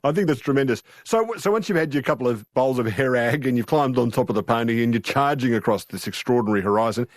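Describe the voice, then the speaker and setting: Animated male radio interviewer. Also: mid-range voice, quick pace, few pauses, no room sound, studio quality. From Australia. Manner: animated, warmly amused questioning. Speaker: radio host.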